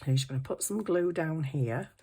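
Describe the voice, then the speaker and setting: A woman's voice: low voice, normal speed, mellow, slightly rough. A middle-aged woman, chatting to herself while crafting in a casual vlog, flustered and apologetic. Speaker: craft channel host.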